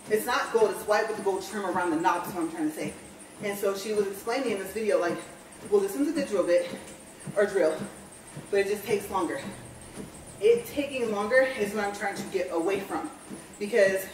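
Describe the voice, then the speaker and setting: A woman's voice: medium pitch, slight background noise. A woman vlogging casually while walking on a treadmill, out of breath and rambling as she corrects herself. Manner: rambling, self-correcting chatter. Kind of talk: casual walk-and-talk vlog. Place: home room on a treadmill. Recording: roomy, distant home recording.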